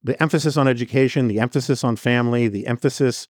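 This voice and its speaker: A man's voice: medium pitch, fast talker, a little mellow, no room sound, clean studio sound. A man as a podcast guest giving earnest commentary in long run-on sentences. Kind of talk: conversational commentary.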